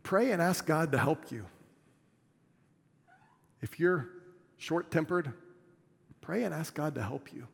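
A middle-aged man delivers a sermon from the pulpit, earnest and plainspoken, poking fun at himself. His voice sits a touch high for a man. The sound rings with the long reverb of a large church sanctuary. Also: animated, slow pace, creaky, pauses often, slightly rough. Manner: earnest, plainspoken, self-deprecating with laughs. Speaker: pastor.

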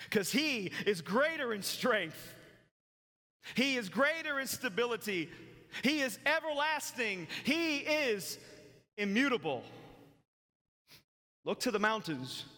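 A man preaching a sermon as pastor, emphatic, with dramatic pauses between phrases. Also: high-pitched, pushed and bright, big-room sound.

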